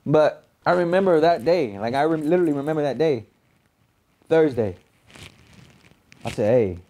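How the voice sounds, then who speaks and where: A man tells his own story in a loose, conversational way, swearing freely and often asking "you know what I mean?" His speaking voice sits a little high for a man. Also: animated, moderate pace, warm tone. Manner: laid-back, profane, fills with "you know what I mean". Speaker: storyteller recounting his past. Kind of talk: casual spoken storytelling.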